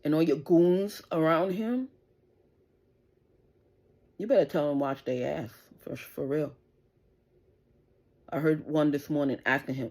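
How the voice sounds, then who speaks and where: Animated yet measured, the low, dark voice of this middle-aged woman vlogger pauses often. Her rant straight to the camera is angry, profane and confrontational, punctuated over and over by "you understand?"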